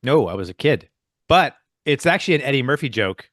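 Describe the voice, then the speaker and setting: A man's voice: mid-range voice, expressive, a little fast, a bit bright, no room sound, clean studio sound. A man co-hosting a podcast in casual chat, with a playful, bantering manner. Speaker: podcast co-host.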